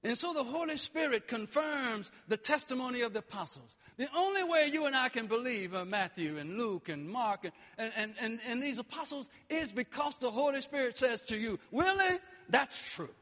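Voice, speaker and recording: A man preaching a sermon with passion, dropping low and then rising to shouts. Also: lively intonation, fairly quick, hardly any pauses, long reverb tail. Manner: impassioned, swings between quiet and shouting.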